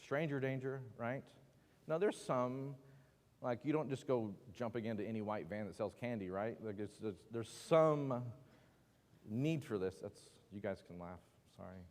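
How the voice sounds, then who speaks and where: A man leads a relaxed Bible class, joking and throwing questions to his listeners. His voice sits at an average pitch and carries a long reverb from the church hall. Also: normal speed. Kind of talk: casual Bible class teaching.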